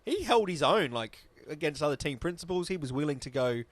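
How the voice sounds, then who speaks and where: A man's voice: a little high, big pitch swings, brisk, dry recording. A man, co-hosting a casual podcast chat, talking at length in a rambling, loose way and swearing casually. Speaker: podcast co-host.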